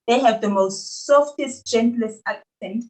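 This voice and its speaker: A woman's voice: fairly high pitch, a little slow, darkish tone, poor audio. A young adult South African woman talking animatedly as a podcast guest, laughing often and restarting her sentences. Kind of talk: conversational interview.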